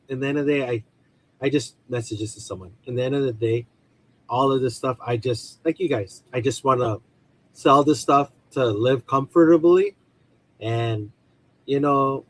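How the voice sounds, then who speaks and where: The audio is poor as a toy seller from the Filipino community, appearing as a guest on a casual video call, talks in a mid-range voice. He rambles and repeats himself, especially the phrase "at the end of the day."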